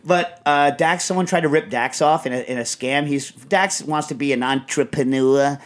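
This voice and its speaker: A middle-aged man hosting a casual chat show, telling stories in a rambling, animated way with lots of fillers. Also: on the high side, normal speed. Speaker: podcast host.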